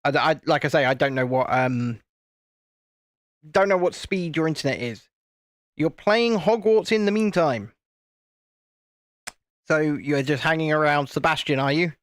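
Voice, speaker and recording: A British man hosts a live stream, chatting playfully and casually with his viewers as he builds a toy set, frequently stopping and restarting sentences. His voice is fairly high-pitched and unhurried, with frequent pauses. The recording is studio quality with no echo.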